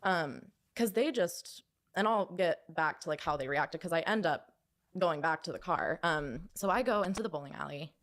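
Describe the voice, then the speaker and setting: A woman's voice: fairly low pitch, normal speed. A young woman recounting a personal story on a podcast, hesitant, full of "like" and restarts. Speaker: podcast guest.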